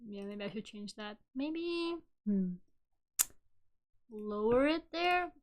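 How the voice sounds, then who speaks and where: A woman in her twenties chatting casually on a live stream, giggly and animated as she tells stories. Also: fairly high pitch, takes it slowly. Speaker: VTuber streamer.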